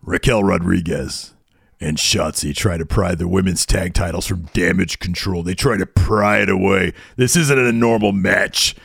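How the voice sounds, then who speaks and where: A man doing an impression of a cocky, gruff middle-aged wrestling executive who boasts and tosses crude put-downs. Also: low voice, moderate pace, a bit bright, dry recording, studio quality, heavily acted. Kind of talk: comedy impression sketch.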